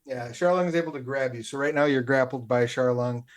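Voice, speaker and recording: A man's voice: medium pitch, brisk. Laughing male game master. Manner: laughs often, hesitant fillers. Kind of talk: running a tabletop game.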